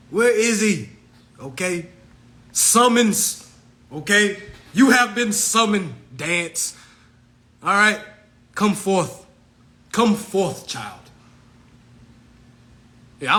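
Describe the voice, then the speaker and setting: A man with a high, bright voice tells a story straight to his viewers, jumping from loud outbursts to low asides. His pitch swoops all over the place, and he laughs often as he talks. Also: slow pace, pauses often. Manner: excitable, swings between shouting and muttering, laughs often. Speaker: host of a consumer advice channel. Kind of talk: casual storytelling rant to viewers.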